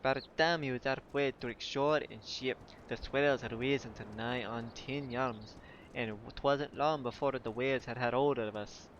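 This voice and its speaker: A man's voice: medium pitch, steady tone, measured pace, a bit bright, muffled recording, slight background noise, lightly acted. A man voicing a flustered male dockhand in a fumbling put-on sailor accent, reading a game's dialogue. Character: flustered male dockhand, clumsy non-fighter.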